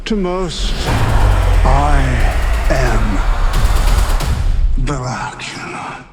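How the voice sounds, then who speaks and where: A man's voice: medium pitch, expressive. An actor playing a menacing ancient male vampire lord with a Transylvanian accent, in a film trailer. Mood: grandiose. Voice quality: grand, drawn-out, theatrical. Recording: film clip over trailer music.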